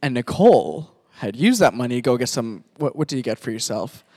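A man's voice: medium pitch, big pitch swings, fairly quick, a little mellow. A man from Pakistan, a pastor, animatedly narrating a sermon skit and directing volunteer actors.

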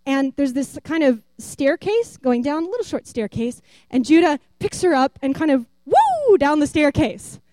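A woman telling a rambling, animated testimony story and acting out the voices of the people in it. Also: sits high, normal speed, few pauses, no echo. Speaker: church member giving a testimony.

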